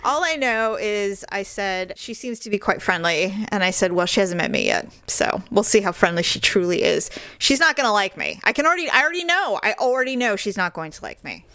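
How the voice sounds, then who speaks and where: A woman's voice: a little fast, few pauses, no room sound. Chatty woman co-host, gossipy storyteller, dry close sound, big swings into put-on voices. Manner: animated, jumps into high put-on voices when quoting people. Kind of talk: casual chat, storytelling.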